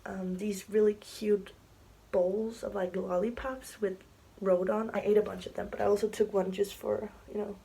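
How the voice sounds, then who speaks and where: A young woman chats her way through a story for her vlog, full of fillers and often sinking into a whisper. Her voice is mellow and a little husky, with gravelly fry at the ends of lines. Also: medium pitch, flat delivery, normal speed, rough recording. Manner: chatty, many fillers, often drops to a whisper. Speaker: vlogger. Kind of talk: casual storytime. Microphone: camera mic, sitting to film.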